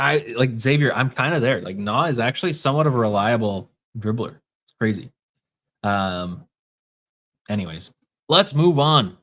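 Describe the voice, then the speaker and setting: A man's voice: mid-range voice, fairly bright tone. Wry, casual Minnesota man streaming. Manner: casual and wry, reading chat comments aloud. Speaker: podcast host. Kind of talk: casual postgame livestream chat.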